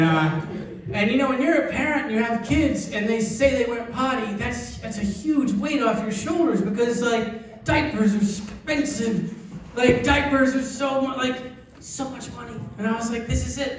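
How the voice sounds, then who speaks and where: A man doing a stand-up comedy set, telling stories deadpan and breaking into sudden high-pitched outbursts. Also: moderate pace, a little hiss or hum. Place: comedy club stage. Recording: echoey live club mic from a distance, audience. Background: audience laughter.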